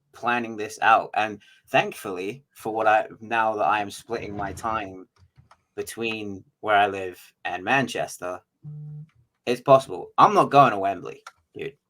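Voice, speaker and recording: Male co-host, lower register, deadpan jokes and casual swearing, remote call sound. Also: low-quality recording. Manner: dry joking, blunt and sweary. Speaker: podcast co-host. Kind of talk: casual podcast chat. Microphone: remote recording over an online studio.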